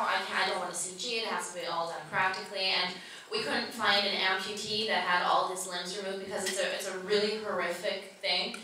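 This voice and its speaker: A woman director answering audience questions at a film Q&A, telling stories in a lively, profane way. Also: medium pitch. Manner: profane, animated storytelling. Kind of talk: Q&A panel answers. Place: large cinema theater. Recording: echoey theater from far off.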